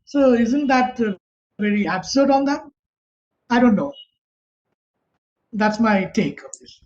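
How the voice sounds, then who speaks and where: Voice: mid-range voice, lively intonation, slow pace, darkish tone, lo-fi sound. A small business owner, speaking hesitantly and plainly in a webinar. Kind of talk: webinar discussion. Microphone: video call.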